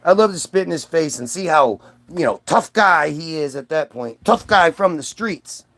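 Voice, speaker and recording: A man's voice: a little high, animated, moderate pace, a bit bright, slight background noise. A man ranting on his own channel in a rambling, profane way, restarting his sentences often. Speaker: vlogger. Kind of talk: ranting monologue.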